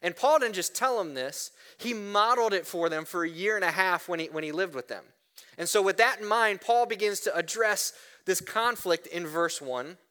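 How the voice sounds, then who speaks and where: A man preaching a sermon, animated, often asking "right?" and restarting words. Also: high voice, normal speed, clean tone. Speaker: pastor.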